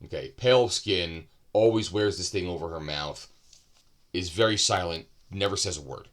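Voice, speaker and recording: Low-voiced man rambling through a book review. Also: normal speed. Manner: loose and rambling, with asides and self-corrections. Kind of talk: casual unscripted book review.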